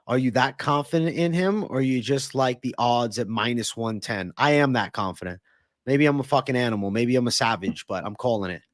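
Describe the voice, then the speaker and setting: A male livestream host breaks down fights and makes predictions, riffing with his chat in a loose, profane, hyped way. His mid-range voice moves fairly quickly, and the sound is dry and close with no room around it.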